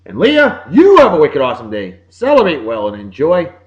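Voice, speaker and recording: A man with a Boston accent hosting a casual show, giving upbeat, jokey birthday shout-outs. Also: a little high, huge pitch swings, normal speed, muffled recording. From Massachusetts. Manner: upbeat, jokey, sing-song greetings. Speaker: podcast host.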